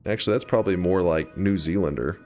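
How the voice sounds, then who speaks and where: A man's voice: sits low, fast, a little mellow, faint music behind. A man giving casual gameplay commentary as a streamer, rambling, thinking aloud and answering chat.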